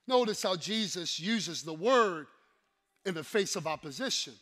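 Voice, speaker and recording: A man's voice: high-pitched, a bit bright. A man preaching a sermon with emphatic, repetitive declarations, leading his congregation in call-and-response and slipping in playful asides.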